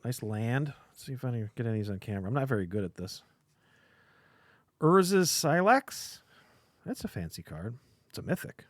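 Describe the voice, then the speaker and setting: A man's voice: mid-range voice, big pitch swings, moderate pace, pauses often, no room sound, studio quality. A man hosting a casual live stream from a comic shop, opening cards and rambling with jokes and filler sounds.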